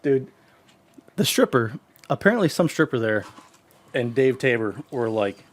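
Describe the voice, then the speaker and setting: A man's voice: medium pitch, sing-song, normal speed. A man co-hosting a casual podcast, telling rambling, profane stories and laughing through them. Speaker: podcast co-host. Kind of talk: casual storytelling chat.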